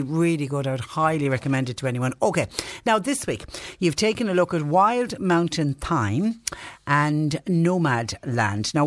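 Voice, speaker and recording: A woman's voice: deep voice, dry recording. A woman hosting a radio show, chatting in a friendly way with her guest. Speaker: radio host. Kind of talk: casual radio chat.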